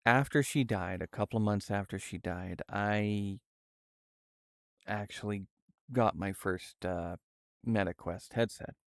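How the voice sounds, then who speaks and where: A young man streaming live, speaking in a halting, soft-spoken way with many fillers. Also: fairly low pitch, no echo, studio quality. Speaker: livestreamer. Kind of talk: casual livestream chat. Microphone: VR headset setup.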